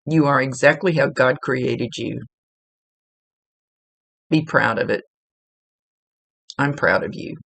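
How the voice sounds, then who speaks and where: Psychic medium, woman, earnest and chatty, gravelly voice, dry close sound. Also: very deep voice, takes it slowly, long pauses, fairly bright tone, no echo. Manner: earnest, chatty, repeats for emphasis. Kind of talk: spirit reading, relaying messages.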